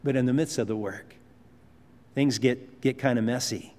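A man's voice: medium pitch, fairly even intonation, normal speed, darkish tone. Preaching man in a reverberant hall. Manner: conversational, emphatic preaching with asides. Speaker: pastor. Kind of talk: sermon.

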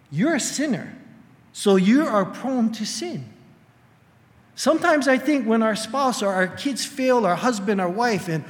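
An older male pastor preaching an animated sermon, jumping into high strained voices to act out quoted people. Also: big-room sound.

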